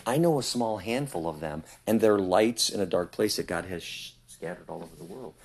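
Low-voiced guy preaching at someone, pushy, keeps saying ready?, jumps way up in pitch when he quotes people. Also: animated, a little fast. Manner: insistent, keeps asking "ready?". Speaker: street preacher. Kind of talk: preaching in conversation.

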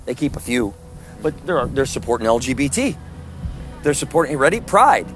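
A man's voice: medium pitch, brisk, over music. A man preaching fervently in the street to one listener, firing rhetorical questions and condemnations. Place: outdoors at a public event.

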